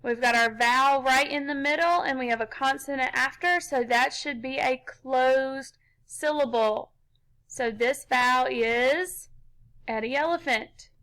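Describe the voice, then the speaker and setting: A woman teaching a children's phonics lesson, explaining slowly and patiently step by step. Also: high voice, pushed and bright, rough recording. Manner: slow, patient, step-by-step instruction.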